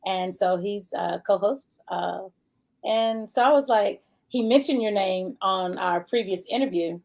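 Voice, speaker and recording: A woman's voice: mid-range voice, unhurried, vocal fry, darkish tone. A woman hosting a casual interview show. She is chatty and rambling, with many fillers. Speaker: show host.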